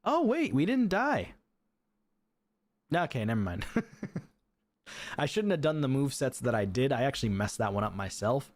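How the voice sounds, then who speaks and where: A man streaming from a home setup, commentating his matches in a chatty, excitable way and laughing often. His voice sits at an ordinary middle pitch. He talks straight to his viewers. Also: brisk, pauses often. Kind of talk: live gameplay commentary.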